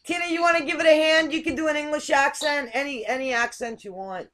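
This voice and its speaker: A woman's voice: sits high, fairly even intonation, quick pace, a bit bright, a little hiss or hum. A woman hosting a casual online talk show over a video call, chatty and hesitant, often repeating words. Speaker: host.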